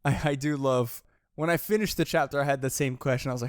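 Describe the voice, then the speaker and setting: Laughing, excitable man cohosting a podcast. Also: medium pitch, fast talker, no echo, clean studio sound. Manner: laughs often, profane, excitable. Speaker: podcast co-host. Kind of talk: casual chat.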